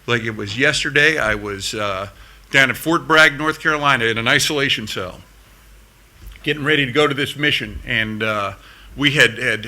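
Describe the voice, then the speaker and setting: A veteran from the United States, middle-aged, delivers a combat story to a conference crowd from the stage. The voice is mid-range, bright, and pushed; his tone is earnest, and he repeats himself as his speech picks up speed.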